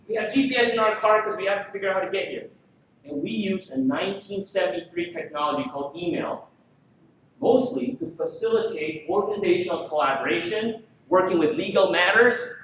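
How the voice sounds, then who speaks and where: A man from the Philippines with a high voice works a conference hall, lively and quick to joke, firing rhetorical questions at the crowd. His voice rings through a very echoey room. The recording sounds dull, with a faint hiss underneath. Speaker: conference speaker. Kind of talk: energetic conference presentation.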